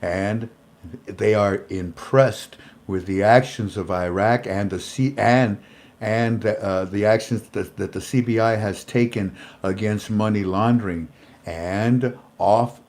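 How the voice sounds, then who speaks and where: A man hosting a casual commentary show, talking in an animated way, often repeating words and chuckling. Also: fairly low pitch, takes it slowly. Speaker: show host.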